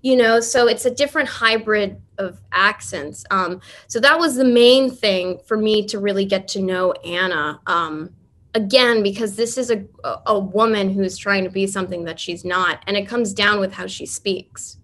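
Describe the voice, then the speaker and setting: A woman actress answering interview questions casually, halting with restarts and fillers. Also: medium pitch, a bit bright. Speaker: actress guest.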